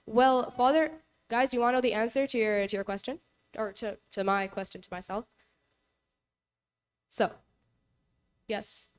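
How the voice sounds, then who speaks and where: A young woman leads a relaxed Bible lesson in a church hall. She retells the story casually, leaning on "like" and "you know" as she goes. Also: on the high side, moderate pace, pauses often. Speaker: Bible study presenter.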